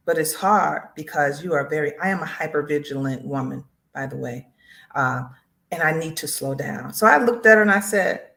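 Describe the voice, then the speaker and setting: A woman's voice: low-pitched, normal speed, gravelly. A woman hosting a faith broadcast. She tells a personal testimony, talks straight to her listeners and acts out what people said to her. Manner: animated storyteller, acts out quotes, addresses listeners as y'all.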